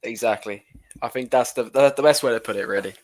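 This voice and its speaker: A man's voice: medium pitch, quick pace. A man calling in as a guest to a live talk stream, speaking in a laid-back, hesitant way. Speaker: guest caller. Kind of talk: casual call-in chat.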